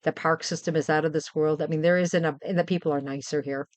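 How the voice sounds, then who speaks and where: A woman's voice: deep voice, fairly even intonation, quick pace, no room sound. A middle-aged woman from Western New York, chatting casually and heartfeltly with her stream viewers, rambling and repeating herself. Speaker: livestream host.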